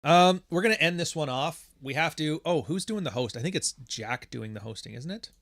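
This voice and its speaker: A man's voice: on the high side, lively intonation, a little fast, fairly bright tone, no echo, clean studio sound. A man hosting a livestream podcast in casual chat, rambling and joking with plenty of swearing. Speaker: podcast host.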